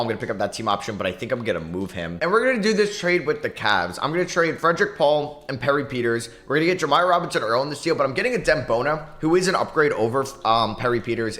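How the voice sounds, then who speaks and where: A young man giving excitable, quick commentary on his own basketball video game, talking to himself as he plays. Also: mid-range voice. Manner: excitable, talks to himself while playing. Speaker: gaming YouTuber.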